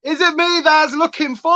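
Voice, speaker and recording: A woman's voice: very high-pitched, fairly even intonation, a little slow, pushed and bright, no room sound, lo-fi sound, pitched above the performer's own voice, exaggerated voice. A woman voicing a giggly young woman with an exaggerated, put-on broad Yorkshire accent.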